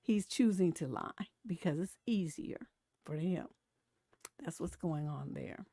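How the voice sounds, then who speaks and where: A woman's voice: lowish voice, measured pace, breathy edge, no room sound. Chatty woman host, dry close sound. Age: over 40. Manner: chatty and animated, laughs often, reads comments aloud. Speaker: relationship coach and live-stream host. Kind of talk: casual live-stream commentary.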